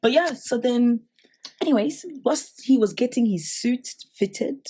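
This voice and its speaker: A woman's voice: on the high side, measured pace, warm tone, husky. A woman hosting a casual chat podcast, retelling a show's drama in a gossipy way, filling gaps with "da, da, da". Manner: gossipy retelling, full of fillers like "da, da, da". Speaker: podcast host.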